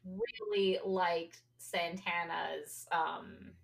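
A woman's voice: on the low side, fairly even intonation, drawn-out words, gravelly. A woman co-hosting a podcast in casual chat, wry and often restarting her phrases. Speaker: podcast co-host.

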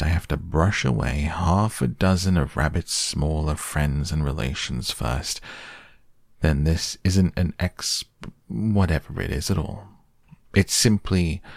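A glum old storybook donkey grumbles along in a slow, sulky drawl, as a man reads him. The voice sits very low and gravelly, close and dry. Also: no room sound, exaggerated voice.

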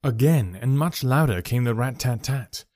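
A man narrating a classic detective story with steady storytelling. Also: mid-range voice, moderate pace, dry recording, clean studio sound. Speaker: audiobook narrator.

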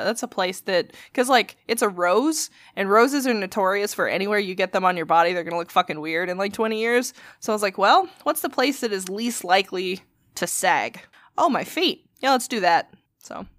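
A woman co-hosting a podcast, telling a story in casual chat, animated and laughing often, swearing freely. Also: mid-range voice, fairly quick, dry recording, studio quality. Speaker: podcast co-host.

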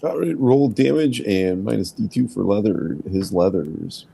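Role: game master. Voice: very deep man, husky. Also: unhurried, mellow. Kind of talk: narrating a tabletop game.

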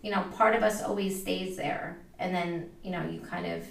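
A woman's voice: lowish voice, steady tone, moderate pace, vocal fry, far from the mic, crowd noise. A woman being interviewed as a medium, telling stories in a chatty way with many fillers. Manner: chatty, many fillers, acts out quoted voices. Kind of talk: casual storytelling interview. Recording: roomy, a bit off the mic.

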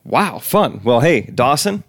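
A man's voice: mid-range voice, very animated, slow, no echo, clean studio sound. A young American man hosting a podcast in casual, jokey chat, laughing often. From United States. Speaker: podcast host.

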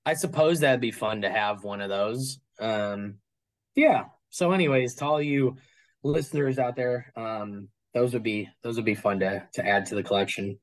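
A man's voice: fairly low pitch, moderate pace, poor audio. A man speaking as an interview guest about his collection, talking casually and rambling with many fillers and restarts.

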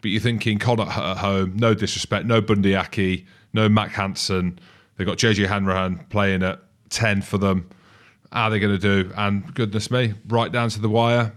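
Low-voiced man in his forties, chatty rugby pundit. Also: level tone, normal speed. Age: 40s. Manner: jokey, teasing. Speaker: podcast co-host. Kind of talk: casual rugby chat.

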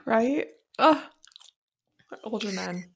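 A young woman co-hosting a podcast, chatting in an upbeat, giggly way with quick reactions. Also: fairly high pitch, lively intonation, creaky, husky. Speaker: podcast co-host. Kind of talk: casual chat.

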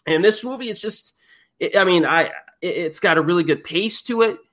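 A man with a fairly high, bright and forceful voice hosts a laid-back film podcast. He rambles happily through plot recaps, circling back and restarting as he goes. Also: fairly quick. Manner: enthusiastic rambling plot retelling. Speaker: podcast host. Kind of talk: casual movie discussion.

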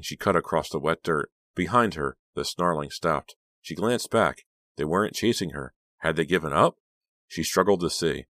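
A man narrating a horror audiobook in a steady, measured reading. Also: rumbling low, dry recording. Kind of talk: scripted narration.

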